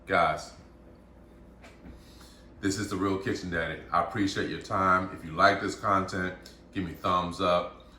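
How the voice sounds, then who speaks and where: A man hosting a home cooking vlog, chatty and excitable as he talks through his dish. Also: sits low, unhurried, long pauses. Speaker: cooking channel host. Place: home kitchen. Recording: echoey room with faint noise.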